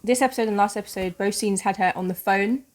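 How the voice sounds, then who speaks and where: A woman's voice: mid-range voice, fast talker. A woman with a British accent co-hosting a casual reaction chat, thoughtful and analytical as she talks ideas through at length. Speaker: reaction channel co-host.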